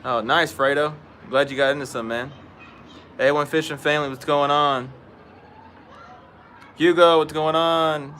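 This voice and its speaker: Male stream host, very bright, forceful tone, easygoing outdoor chat. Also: a little high, fairly even intonation, measured pace, long pauses, a little hiss or hum. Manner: chatty, greets viewers by name. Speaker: fishing livestream host. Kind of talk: casual live-stream chat. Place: outdoors at home.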